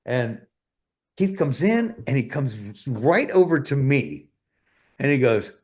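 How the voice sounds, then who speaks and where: A man's voice: mid-range voice, sing-song, takes it slowly, husky. A male guest telling stories in a casual interview, rambling and swearing a lot. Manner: profane, rambling, full of fillers.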